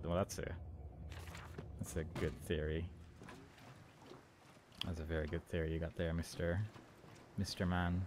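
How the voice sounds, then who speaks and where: A man's voice: deep voice, animated, normal speed, long pauses, darkish tone, a little hiss or hum. A man casually commenting on a horror game as he plays, rambling and amused, talking back at the characters. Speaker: let's play commentator.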